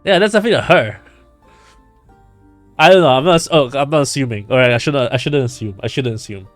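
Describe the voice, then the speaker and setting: A man's voice: medium pitch, quick pace, dry recording, soft background music. A man streaming a game live, joking and riffing casually as he reads along. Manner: jokey, laughs and riffs while reading a game.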